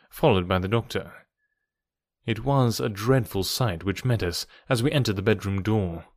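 Steady male audiobook narrator. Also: fairly low pitch, no echo, clean studio sound. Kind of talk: storybook narration.

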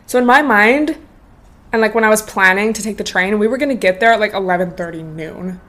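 A woman in her twenties hosts a podcast, telling a casual storytime in a medium-pitched voice that runs a little fast. She's animated and slangy, and swears freely.

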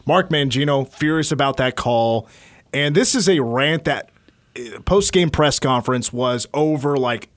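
A man hosting a sports talk show, recapping a college football game in steady, casual detail. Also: medium pitch, unhurried, dry recording. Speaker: sports radio host.

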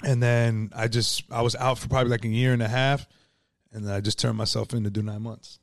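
A man's voice: medium pitch, level tone, brisk, gravelly, no room sound, studio quality. A man telling his own story in a casual, profane, streetwise way, full of "like" and "you know".

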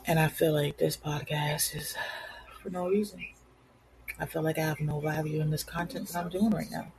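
A woman's voice: deep voice, steady tone, moderate pace, a little mellow, breathy edge, poor audio. A woman hosting her own podcast in a rambling, candid, casual way. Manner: rambling, candid, self-deprecating. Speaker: podcast host. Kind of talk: casual solo podcast chat. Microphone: home recording setup.

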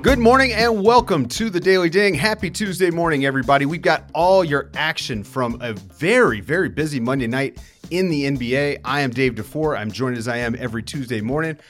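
A young adult man hosting a sports talk show, giving an upbeat, rapid run of game analysis and stats. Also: a little high, a bit bright, faint music behind.

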